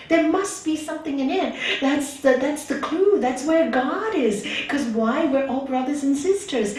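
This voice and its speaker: A woman spiritual teacher giving an earnest talk to a gathering, asking many rhetorical questions, recorded from far off in an echoey hall. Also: sits high. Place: meeting hall.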